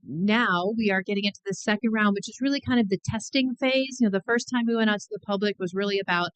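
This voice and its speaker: A woman's voice: mid-range voice, fast, clean tone, rough recording. A woman consultant presenting an upbeat plan update to a county committee, friendly and full of fillers. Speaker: planning consultant. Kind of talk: public meeting presentation.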